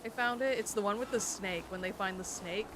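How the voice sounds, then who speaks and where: A woman's voice: mid-range voice, fairly quick. Rambling young woman streamer, game noise. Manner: rambling and nostalgic, trails off into musing. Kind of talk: casual chat while gaming. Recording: noisy game audio behind.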